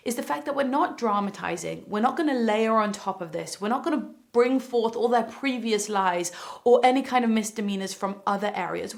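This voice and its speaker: Woman, parenting lesson, calm explanatory delivery, mid-range voice with a gravelly fry, acts out quotes. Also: mid-range voice. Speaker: parenting educator. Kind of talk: instructional talk to camera.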